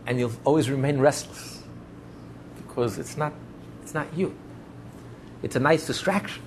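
A man's voice: medium pitch, normal speed, a little hiss or hum. A man preaching as a rabbi in an impassioned sermon, piling up repeated phrases for emphasis. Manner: repetitive, building emphatic lists.

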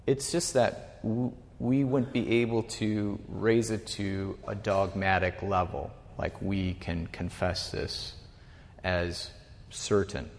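A man's voice: on the low side, fairly even intonation, slow pace, big-room sound. A man, likely a pastor, giving an informal, rambling teaching talk to a group, often correcting himself mid-sentence. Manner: rambling, self-correcting, chatty with asides.

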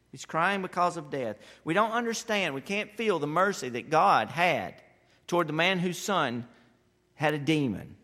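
A man preaching a sermon with passion, building to loud emphatic peaks and then dropping low and quiet. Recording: long hall reverb.

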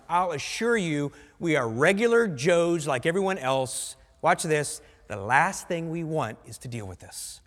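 A man's voice: a little high, long reverb tail. A male pastor from the United States preaching a sermon bluntly, with conversational asides to his congregation. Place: church sanctuary.

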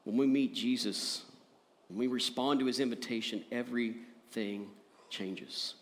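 A man preaching a sermon as pastor, earnest, rising to emphatic peaks and dropping soft. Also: mid-range voice, a little slow.

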